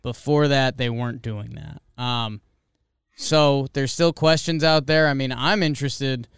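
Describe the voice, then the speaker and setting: A man co-hosting a podcast, chatting casually about baseball with quick asides and easy laughter. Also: mid-range voice, steady tone, a bit bright, clear, resonant tone, dry recording, studio quality. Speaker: podcast co-host. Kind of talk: casual sports chat.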